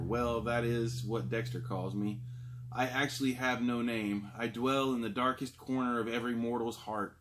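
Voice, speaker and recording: A man reading a boastful dark inner spirit. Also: medium pitch, natural voice. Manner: read aloud from a label in a plain voice. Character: sinister nameless inner spirit, boastful and seductive.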